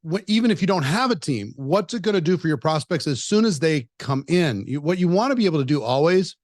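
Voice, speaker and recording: A man's voice: a little high, expressive, fast, no echo, studio quality. A man giving a business training talk, direct and instructive, often restarting mid-sentence.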